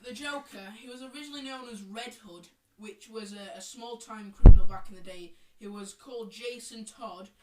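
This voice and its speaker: A woman co-hosting a podcast in chaotic casual chat, rambling and giggly with loud silly outbursts. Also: fairly high pitch, normal speed, few pauses. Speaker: podcast co-host. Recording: echoey room, distant mic, faint noise.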